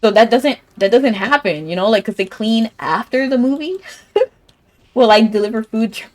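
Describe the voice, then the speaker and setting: A woman's voice: mid-range voice, darkish tone. A young woman streaming a game, telling a rambling story in casual chat and laughing often. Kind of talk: casual chat while gaming.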